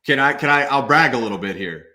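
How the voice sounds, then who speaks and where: A man's voice: medium pitch, expressive, fast, sharp tone. A man in his twenties, a former football player, talking emphatically as a guest in a casual interview.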